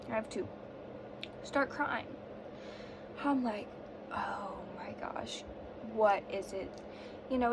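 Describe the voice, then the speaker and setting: Sick young woman ranting on her vlog, swears a ton, kinda high voice, faint room hum. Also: fairly bright tone. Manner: profane, ranting, dramatic. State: sick with fever and sore throat. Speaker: vlogger. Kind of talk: casual storytime vlog.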